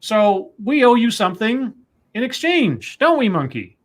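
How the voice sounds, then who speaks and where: A man's voice: high voice, big pitch swings, a little slow. A man co-hosting a casual talk stream, reading news stories and viewer messages aloud and correcting himself as he goes. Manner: reads quotes aloud, self-correcting.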